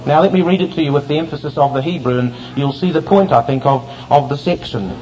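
A man's voice: fairly high pitch, fast, hardly any pauses, mellow. Man preaching a Bible sermon. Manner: expository Bible teaching, rhetorical questions to the congregation. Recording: dull lo-fi recording with faint ambient noise.

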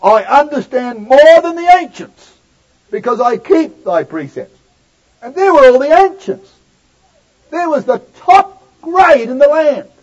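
A male preacher delivering a sermon, swinging from loud declaiming to near-hushed asides. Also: very high-pitched, lively intonation, unhurried. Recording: dull lo-fi recording.

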